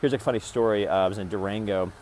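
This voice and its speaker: A man's voice: on the low side, steady tone, fast, a little mellow, a little hiss or hum. A man rambling and swearing in a casual vlog, talking to his phone camera from a parked vehicle. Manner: rambling, profane, talks to camera in bursts. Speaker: vlogger.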